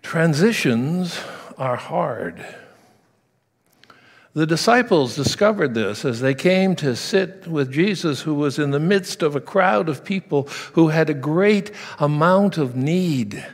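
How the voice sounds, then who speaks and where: A man's voice: a little high, lively intonation, takes it slowly, vocal fry, big-room sound. A man preaching a sermon, telling stories and asking his listeners direct questions.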